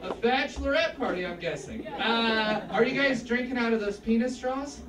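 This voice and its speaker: A man's voice: very high-pitched, moderate pace, heavy background noise. A man performing live stand-up in a comedy club, playful and sarcastic, with frequent exclamations. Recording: roomy club, distant mic, loud audience.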